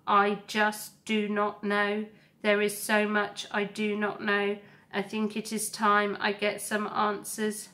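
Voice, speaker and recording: Keep the woman's gentle robot mother steady and unhurried, sure of every word, little rise and fall. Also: medium pitch. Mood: tender. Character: calm, earnest female robot mother.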